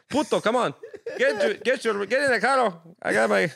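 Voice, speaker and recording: A man voicing a brash, mocking male rideshare driver in Miami, with a Spanish-accented English voice and a loud, scolding, teasing delivery. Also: sits high, normal speed, creaky, dry recording, clean studio sound, voice pushed up, exaggerated voice.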